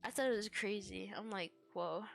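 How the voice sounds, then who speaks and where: A woman's voice: fairly high pitch, animated, slow, a bit bright, faint music behind. A woman streamer chatting casually and rambling. She is tired and yawning, giggles often, and uses lots of fillers. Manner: giggly, filler-heavy, meandering. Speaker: VTuber streamer.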